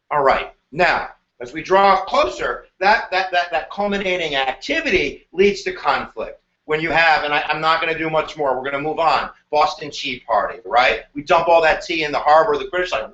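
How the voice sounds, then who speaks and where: An energetic male history teacher runs a live exam review, joking as he goes. His voice sits high and bright. The live stream sounds roomy and dull, like lo-fi audio. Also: moderate pace, hardly any pauses. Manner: animated, joking, slips into silly voices.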